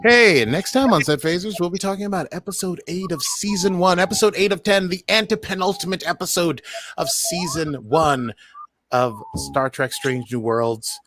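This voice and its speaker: A man's voice: high voice, huge pitch swings, normal speed, a bit bright, slight background noise. A man co-hosting a podcast in casual chat, rambling with many fillers and restarts. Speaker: podcast co-host.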